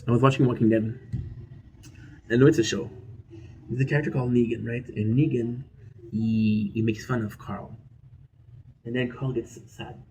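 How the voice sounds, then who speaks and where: Gravelly rambling man streamer. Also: medium pitch, fairly even intonation, normal speed, long pauses, warm tone, a little hiss or hum, rough recording. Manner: rambling, repeats phrases, swears casually. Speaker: gaming streamer. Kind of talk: casual storytelling while gaming.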